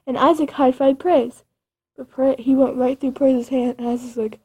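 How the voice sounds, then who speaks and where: A woman's voice: high-pitched, fairly even intonation, moderate pace, darkish tone, slightly rough. A woman improvising a spooky story in a rambling, dramatic way with creepy asides.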